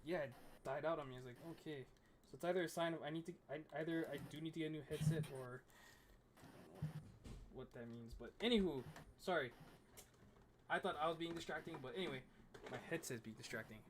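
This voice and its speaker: A man hosts a relaxed talk show over a headset mic. He talks in a fairly high register and keeps stumbling back over his own words. A faint background hum sits under his voice. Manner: halting, restarts and repeats words often. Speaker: podcast host. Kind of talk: casual chat.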